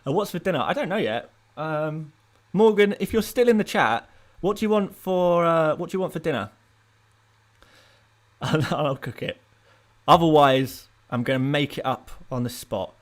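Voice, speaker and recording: A man's voice: fairly high pitch, unhurried, pauses often. Rambling young English man streaming. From England. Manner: rambling, self-mocking, bursts of playful excitement. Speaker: fantasy football streamer. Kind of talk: casual live-stream chat reading viewer comments.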